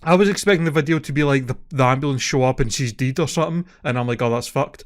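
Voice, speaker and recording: A mid-range, fast-talking man co-hosts a casual podcast chat. Retelling a story, he grows worked up and lets the swearing fly.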